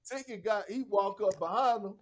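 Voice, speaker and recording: A man guesting on a podcast, telling locker-room stories in a casual, animated and profane way, often acting out what others said. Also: sits high, normal speed. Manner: animated, profane, acts out quotes. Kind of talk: casual storytelling.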